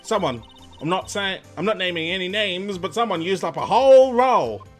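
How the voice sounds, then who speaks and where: Pushy southern lady as a man does her voice, exaggerated drawl, sassy, lively swooping pitch, game dialogue read aloud. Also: normal speed, soft background music. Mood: brash. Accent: put-on American Southern drawl. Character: brash loud southern woman photographer.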